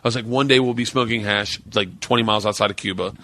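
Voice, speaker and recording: A man's voice: fairly low pitch, fast. A man in his forties telling a story on a podcast, swearing freely and acting out what others said. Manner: animated storyteller, swears freely, acts out quotes. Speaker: podcast guest.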